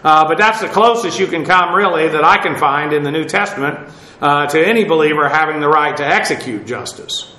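A pastor gives expository, verse-by-verse Bible teaching in a bright, fairly high and animated voice. He speaks slowly and haltingly, pausing often and using filler sounds, and spells out Greek terms letter by letter. His words ring through an echoey church hall.

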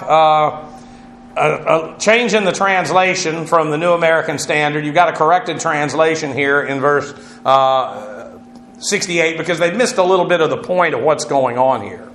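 A man's voice: on the high side, sharp tone, roomy sound, slight background noise. A man teaching a Bible class as its pastor, working through Greek words methodically, spelling them out letter by letter, with many "uh" fillers. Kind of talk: verse-by-verse Greek word study.

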